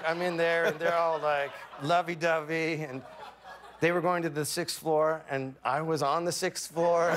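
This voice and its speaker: A man from Canada, a talk show guest telling a comic story with fumbling restarts and quick self-deprecating asides. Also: a little high, heavy background noise. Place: TV studio.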